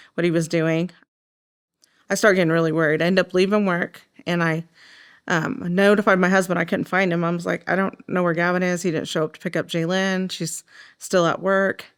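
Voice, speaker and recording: Middle-aged Oklahoma mother, documentary interview, lower smooth voice, halting and emotional. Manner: emotional, halting, with frequent fillers. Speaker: mother of the deceased.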